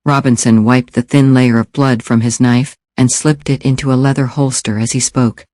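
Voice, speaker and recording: A man narrating an audiobook thriller in steady, even storytelling. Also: mid-range voice, normal speed, few pauses, dry recording, clean studio sound. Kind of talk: scripted narration.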